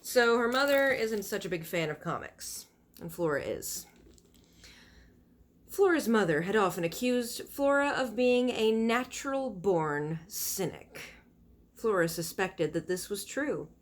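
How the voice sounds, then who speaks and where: A woman's voice: mid-range voice, lively intonation, a little slow. A woman reading a children's novel aloud, stopping for chatty asides that explain the pictures and fonts. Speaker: reader of a children's book.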